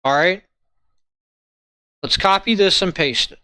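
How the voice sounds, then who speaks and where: A man walking viewers through a logic lesson in a halting way, often checking in with "right?" and "okay?". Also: sits high, pushed and bright, clear, resonant tone, no room sound. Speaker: logic tutor. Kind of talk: informal lesson walkthrough.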